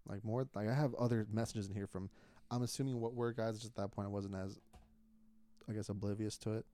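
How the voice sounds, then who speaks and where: Smooth-voiced young man telling a story. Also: fairly low pitch, brisk, no room sound. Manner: profane, animated retelling with laughter. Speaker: podcast co-host. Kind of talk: casual chat, storytelling.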